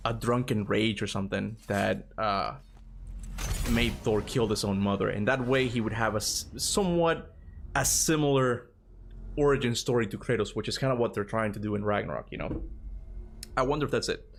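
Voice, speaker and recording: A man in his thirties chatting casually with viewers during a game livestream, excitable and talking straight to his chat. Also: lowish voice, fairly quick, creaky. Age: 30s. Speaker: streamer.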